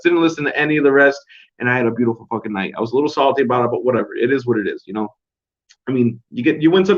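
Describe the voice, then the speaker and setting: A young man hosting a casual solo recap show at home, rambling and swearing in a laid-back way. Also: medium pitch. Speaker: podcast host. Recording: dull lo-fi home recording.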